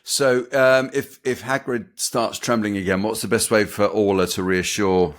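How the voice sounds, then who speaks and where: A man's voice: fairly low pitch, fairly even intonation, moderate pace. A man co-hosting a podcast, chatting in a friendly way and asking follow-up questions. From United Kingdom. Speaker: podcast co-host. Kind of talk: casual podcast chat.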